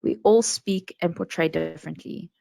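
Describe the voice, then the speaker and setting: A woman with a South African accent giving calm, measured advice on handling complaints in a business webinar. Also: on the low side, creaky, no room sound. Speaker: national complaints administrator.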